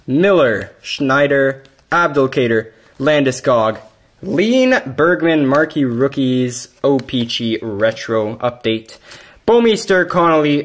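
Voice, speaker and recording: A man narrating a card-opening session at home in a casual, excitable way, bursting into yelling over big pulls. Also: mid-range voice. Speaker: card-collecting YouTuber.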